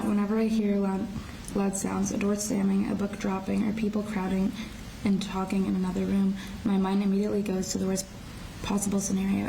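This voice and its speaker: Teen girl reading a court statement, mellow vocal fry, halting restarts, heard from a distant mic with faint hiss. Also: mid-range voice. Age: teens. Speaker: shooting survivor giving a victim impact statement. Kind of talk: reading a prepared statement aloud.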